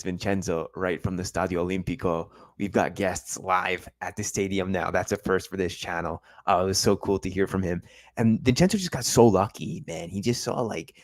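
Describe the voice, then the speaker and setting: A man's voice: low voice, no room sound. A young man hosting a casual post-match football livestream, talking enthusiastically to his viewers. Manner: enthusiastic, talks straight to viewers.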